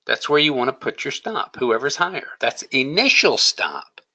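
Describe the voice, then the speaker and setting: In a screen-share lesson, a trading educator coaches with emphasis and fires off rhetorical questions about day trading. His medium-pitched voice is sing-song, bright and forceful at a moderate pace, captured in a low-quality recording.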